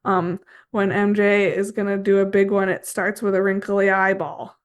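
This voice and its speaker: A middle-aged woman hosting a podcast, relaxed and chatty, telling stories from her work with horses. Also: mid-range voice, normal speed, clean tone. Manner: storytelling, relaxed. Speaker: podcast host, horse trainer. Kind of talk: casual chat.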